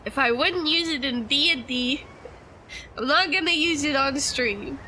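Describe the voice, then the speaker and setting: A woman's voice: high-pitched, measured pace, bright, forceful tone, a little hiss or hum. A young woman chatting casually and playfully with her chat while playing a game on stream, laughing often. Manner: giggly and playful.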